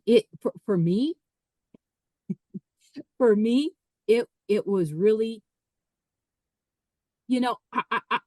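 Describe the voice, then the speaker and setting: A woman, a podcast guest, telling a personal story in a lively way, often repeating and restarting her words. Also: lowish voice, no echo, low-quality recording. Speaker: podcast guest, author and speaker. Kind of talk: casual storytelling.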